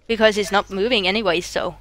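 A woman from Norway playing a co-op video game, panicking and shrieking with excitement. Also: medium pitch, fast. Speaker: gamer. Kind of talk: let's play co-op commentary.

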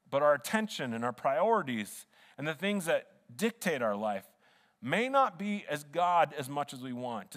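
A pastor with a voice on the high side and a fairly bright tone preaches in a church sanctuary. He comes across earnest and conversational, frequently beginning sentences again, heard through a church's long hall reverb.

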